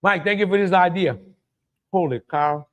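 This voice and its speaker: A man's voice: sits high, moderate pace, lo-fi sound. A man with a Louisiana accent hosting a casual live cooking stream, chatty and exclamatory, greeting viewers by name and laughing often. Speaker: cooking show host.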